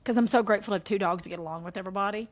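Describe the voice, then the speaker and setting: This is a woman with a Southern US accent co-hosting a relaxed podcast. She talks in a casual, animated way. She slips into playful voices when she quotes people. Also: mid-range voice, very fast. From American South. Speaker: podcast co-host. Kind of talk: casual chat.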